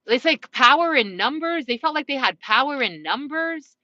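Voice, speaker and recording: Bright, breezy woman tarot reader. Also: high-pitched, animated, moderate pace, dry recording, lo-fi sound. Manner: casual, profane, frequent laughing asides. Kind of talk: collective tarot reading.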